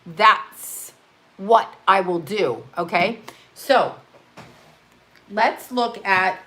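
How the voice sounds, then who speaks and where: A woman's voice: medium pitch, animated, very slow, a bit bright. A woman hosting a casual live stream, rambling between topics, swearing freely and laughing as she talks. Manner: laughs often while talking. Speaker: livestream host. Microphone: on-camera mic.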